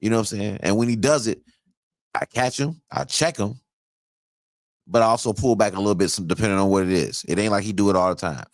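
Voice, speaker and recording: A man's voice: lowish voice, quick pace, no echo. A man in his thirties hosting a podcast, telling a loose, profane story in casual chat and laughing often. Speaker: podcast host.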